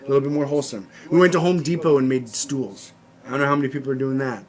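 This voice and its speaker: This podcast co-host has a medium-pitched, steady voice and talks quickly, with a crowd audible behind him. He tells loose, wandering stories in a casual chat, leaning heavily on "like." He also performs the voices of the characters in his anecdotes.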